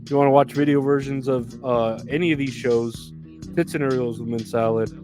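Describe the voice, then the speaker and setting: A man's voice: medium pitch, steady tone, a little fast, over music. A man hosting his own podcast, rambling alone in a profane, meandering, self-deprecating way. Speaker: podcast host. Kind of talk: rambling solo podcast monologue.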